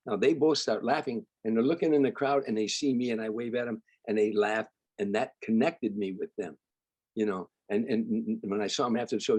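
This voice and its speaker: An older man from Chicago, a comedian guest, telling stories in an animated way and acting out the people he quotes. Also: lowish voice, fairly quick, slightly rough, dry recording. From Chicago, United States. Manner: animated storyteller, acts out quoted voices. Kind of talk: storytelling interview.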